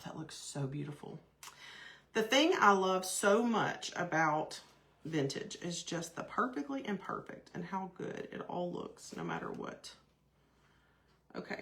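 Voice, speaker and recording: A woman's voice: mid-range voice, a bit bright. A woman hosting a live craft stream, chatty and gushing, greeting viewers by name. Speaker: craft host.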